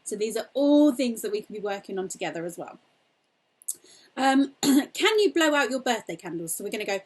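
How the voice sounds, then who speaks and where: A young woman singing teacher leading a cheerful, encouraging warm-up lesson, demonstrating vocal exercises. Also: on the high side, big pitch swings, moderate pace.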